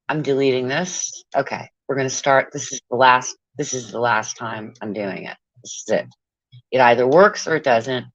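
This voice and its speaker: A woman's voice: a bass voice, normal speed, no room sound. A woman on a casual livestream, profane and exasperated, muttering to herself as she goes. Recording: dull lo-fi sound.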